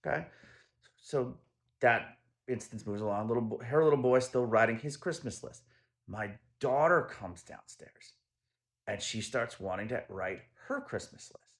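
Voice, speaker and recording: Animated man telling a personal story. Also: normal speed. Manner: animated, swings from low murmurs to loud emphasis. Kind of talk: casual storytelling monologue.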